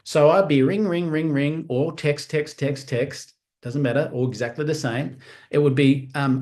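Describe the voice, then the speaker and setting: A man giving a live-streamed training talk on making sales calls, energetic and lively, acting out phone conversations in different voices. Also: mid-range voice, unhurried. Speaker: network marketing trainer. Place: room on a live stream with screens.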